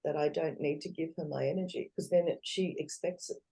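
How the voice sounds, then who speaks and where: A woman's voice: deep voice, brisk, slightly rough. A woman, a guest in a casual interview, talking animatedly and acting out what others say. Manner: animated, acts out quoted voices, laughs often.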